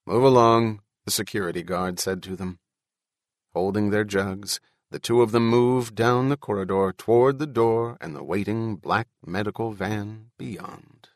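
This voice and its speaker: A man's voice on the low side carries this scripted audiobook narration of a novel, paced in a calm, even storytelling manner. The recording is clean studio quality without any room sound.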